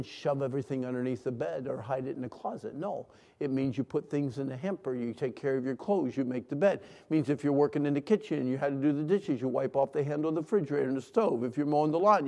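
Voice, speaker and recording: Man preaching, middle-aged, gravelly voice, call-and-response, long hall reverb. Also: mid-range voice, fast talker, hardly any pauses. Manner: call-and-response, swinging from hushed to loud. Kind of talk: sermon to a congregation.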